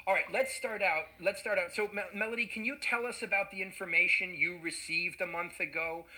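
A man interviewing a guest, asking gentle questions and often repeating words as he starts. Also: high voice, fairly even intonation, brisk, slight background noise, rough recording.

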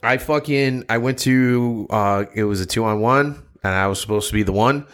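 A man's voice: medium pitch, moderate pace, a bit bright, clean tone. A man co-hosting a podcast, telling stories in casual, profane banter and complaining that he is sore from a fall. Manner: profane, laughing, storytelling. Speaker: podcast co-host. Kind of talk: casual chat.

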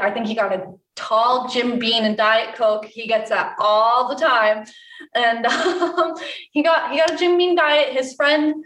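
A woman's voice: fairly high pitch, a bit bright. A young woman, a bartender, telling a story in casual chat, laughing often and chatty with fillers. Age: young adult. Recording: echoey room from a distance.

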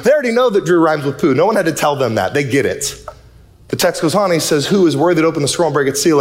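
A man preaching a sermon in a church, animated and joking, his voice swinging from loud to soft and intimate. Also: fairly high pitch. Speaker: pastor. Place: church sanctuary.

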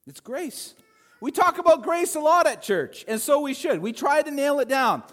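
A man preaches with a high, lively voice that rises and falls over a wide range. His delivery swings from loud, pressing points to quiet asides. The sound rings out in a long hall reverb, as in a church sanctuary. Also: moderate pace. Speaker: pastor. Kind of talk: sermon. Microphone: handheld or headset mic with feedback.

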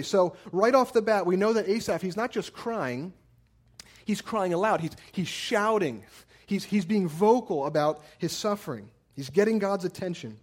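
A man's voice: high voice, animated, moderate pace. A man in his thirties preaching a sermon, earnest, often repeating words as he builds a point and tells stories. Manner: earnest, repeats words when emphasizing, storytelling asides. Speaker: pastor.

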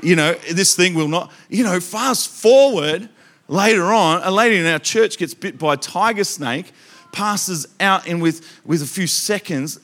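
A man preaching to a church congregation, telling animated stories that he acts out with loud bursts of emphasis. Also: fairly high pitch. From Australia. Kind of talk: storytelling sermon.

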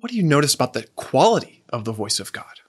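Male preacher, mid pitch, earnest and emphatic sermon delivery. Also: sing-song, breathy edge. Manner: earnest, slow and emphatic, asks the audience questions.

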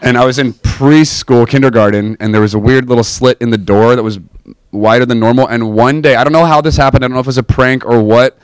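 Animated man telling a personal story. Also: medium pitch, fast talker, clear, resonant tone, no room sound. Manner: animated, self-mocking, asks the audience "right?" often. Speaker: speaker telling his faith story.

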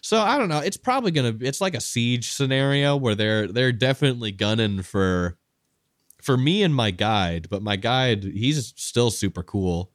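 A young man with a mid-pitched voice rambles through a deadpan improvised comedy bit, loose and full of "like" and "uh." His voice is recorded close and dry with no room sound. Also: moderate pace, dry recording. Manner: laid-back, rambling with fillers.

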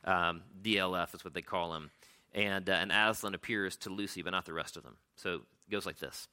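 A man giving a sermon in a casual, halting way, retelling and reading a storybook. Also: low voice, steady tone, sharp tone, clear, resonant tone. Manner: casual, halting, with frequent fillers.

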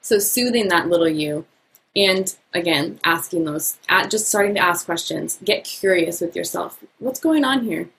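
A woman talking as a podcast guest, upbeat and animated, laughing often. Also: fairly low pitch, moderate pace, creaky, low-quality recording. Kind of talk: casual podcast conversation.

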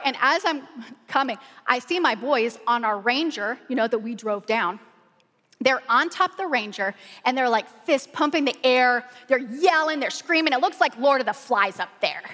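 Animated woman pastor in a hall. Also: on the high side. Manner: animated, colloquial storytelling with "y'all". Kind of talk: storytelling sermon. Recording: long hall reverb.

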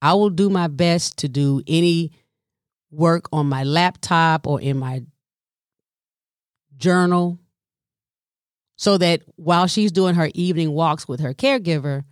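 A middle-aged woman caring for her mother, telling a personal story in an animated, colloquial way and sometimes dropping into a whisper. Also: sits low, a little slow, long pauses, clear, resonant tone, no room sound, clean studio sound. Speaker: family caregiver.

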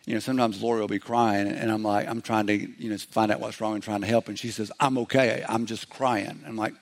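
A middle-aged man preaching a sermon in a conversational way, slipping into quick acted-out voices as he goes. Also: lowish voice, level tone. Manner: conversational preaching, acts out little quoted voices. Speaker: pastor.

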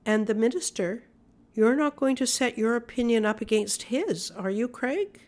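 A woman reading the lines of a sharp, reproving male churchgoer. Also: on the high side, expressive, moderate pace, natural voice.

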